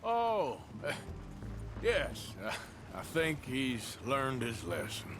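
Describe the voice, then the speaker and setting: An actor playing a dry, laconic outlaw gunslinger in a western game. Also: male voice, medium pitch, wildly swooping pitch, very slow, over music, exaggerated voice. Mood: wry. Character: dry, weary middle-aged outlaw gunslinger.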